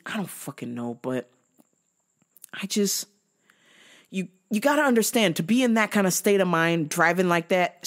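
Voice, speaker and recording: A middle-aged woman hosting a podcast in loose, profane chat, swearing freely and often breaking into song. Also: fairly low pitch. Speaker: podcast host. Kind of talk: casual profane chat with bursts of singing.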